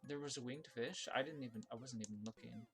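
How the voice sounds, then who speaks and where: Man, mid-pitched voice, casual game stream commentary, rambling think-aloud talk, sudden excited yelps, faint music behind. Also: fast talker. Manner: chatty, thinks aloud with many restarts and fillers; bursts of high excitement at surprises. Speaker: streamer playing viewer-made levels.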